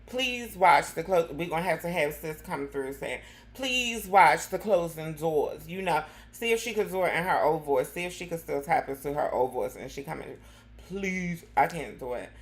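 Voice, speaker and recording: A woman hosting a live commentary show, sassy and full of slang, calling everyone honey. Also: low-pitched. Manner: sassy, calls listeners honey, drawn-out slang. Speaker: host.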